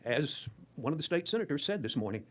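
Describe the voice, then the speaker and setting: A man's voice: a little high, sing-song, quick pace. A man hosting a livestream as a lawyer, commenting bluntly and wryly. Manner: blunt, wry. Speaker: trial lawyer, livestream host.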